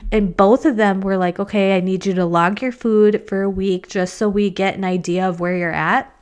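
A woman's voice: mid-range voice, steady tone, normal speed, a little mellow, clean tone. A woman in her thirties, a mom and podcaster, in a candid, chatty talk full of "like". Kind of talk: casual chat.

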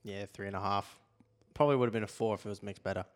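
A man gives his take on a podcast in a dry, matter-of-fact way. His voice sits low. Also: rapid-fire. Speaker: podcast co-host. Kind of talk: casual chat.

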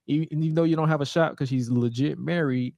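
A man co-hosting a podcast, recapping an old wrestling show in casual chat with animated, profane, mock-incredulous outbursts. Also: on the high side, a little fast, vocal fry, dry recording. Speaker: podcast co-host.

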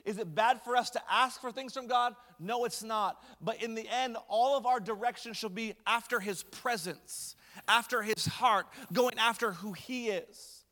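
A man's voice: very high voice, a little slow, bright, forceful tone, long reverb tail. A man preaching a sermon as pastor, in a conversational storytelling way with light humor.

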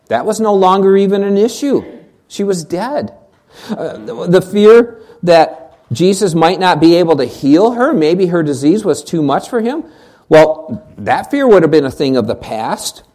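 Pastor preaching, swinging loud to hushed. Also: medium pitch. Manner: rhetorical questions, repeats words when restarting; drops to a hushed, near-whispered voice for emphasis. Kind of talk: sermon.

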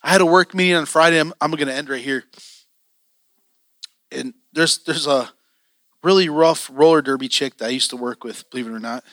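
A man preaching with fervent, story-driven passion, his voice somewhat high and strikingly bright. The sound is close and dry, with no room around it. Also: a little fast, pauses often, no room sound. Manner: passionate, storytelling, often acting out his own excitement. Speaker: church elder preaching. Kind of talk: sermon.

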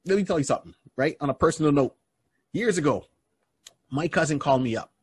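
A man co-hosting a podcast who tells stories in an animated way, with many restarts. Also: on the high side, fast, slightly rough, no room sound, clean studio sound. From Barbados. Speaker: podcast co-host and comedian. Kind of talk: casual podcast chat.

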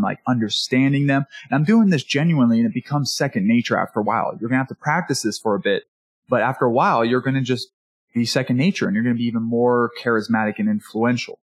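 Man, husky voice, mid pitch, casual networking lesson, mimics quoted people. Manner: acts out quoted people with brisk shifts in pitch. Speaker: networking coach.

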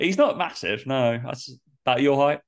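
Nasal, gravelly-voiced man. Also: mid-range voice, animated, moderate pace. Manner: rambling, full of fillers, laughs often. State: congested, nasal from a cold. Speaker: personal trainer and podcast host. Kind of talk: casual podcast chat.

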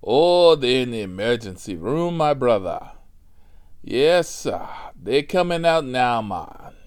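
A frantic young man pleads on the phone, repeating himself, his voice swooping up and down, as a storyteller puts him on. The delivery stays slow and drawn out. He sounds excited and insistent. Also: medium pitch, clean tone. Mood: pleading.

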